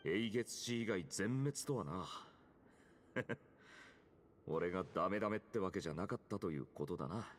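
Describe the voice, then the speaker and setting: An actor voicing a sturdy, plainspoken soldier in a video game, talking in a rough, casual way. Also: male voice, low voice, lively intonation, quick pace, long pauses, slight background noise. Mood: steady.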